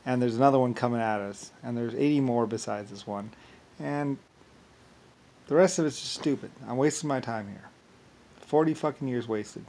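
A man in a rambling monologue, agitated, swearing often and making grandiose claims. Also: medium pitch.

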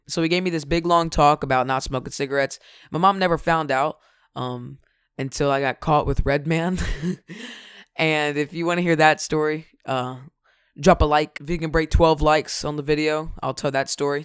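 A man's voice: fairly high pitch, fairly even intonation, moderate pace, a bit bright, clear, resonant tone, no room sound, studio quality. A young man casually telling a rambling story as a vlogger, often laughing at his own jokes.

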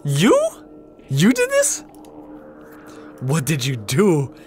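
A man's voice: fairly high pitch, normal speed, soft background music, natural voice. A man voicing an outraged mother in a game, squealing indignant accusations.

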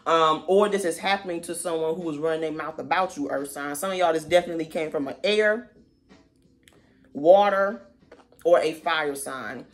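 A woman giving a casual tarot reading in a sassy, slangy manner with animated asides. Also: low voice, moderate pace. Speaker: tarot reader.

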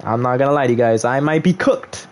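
A man's voice: medium pitch, fast. A young man casually chatting on a gaming livestream, reading viewers' chat aloud and joking back at them.

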